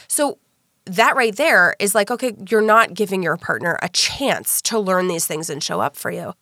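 A woman hosting a casual chat, animated and candid, swearing freely. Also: mid-range voice, normal speed, gravelly, dry recording, studio quality.

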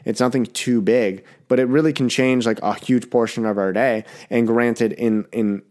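A man's voice: mid-range voice, steady tone, normal speed, darkish tone. A young man hosting a casual solo podcast, talking bluntly and rambling with swearing, a little sick. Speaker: podcast host.

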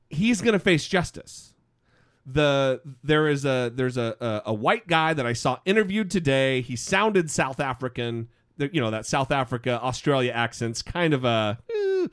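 A man hosting a podcast, talking in a casual, opinionated, rambling way with many restarts. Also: mid-range voice. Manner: rambling, animated, restarts often. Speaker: podcast host.

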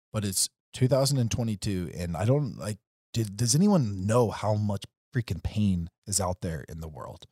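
Deep husky man, persuasive. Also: animated, fairly quick, a little mellow, no echo, studio quality. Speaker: podcast co-host, coach. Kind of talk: casual podcast chat.

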